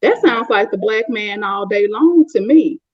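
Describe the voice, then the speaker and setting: A woman's voice: mid-range voice, lively intonation, measured pace, darkish tone. Blunt Southern woman commentator. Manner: blunt, opinionated, explanatory. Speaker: panelist. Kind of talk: casual commentary. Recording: dull, dry lo-fi audio.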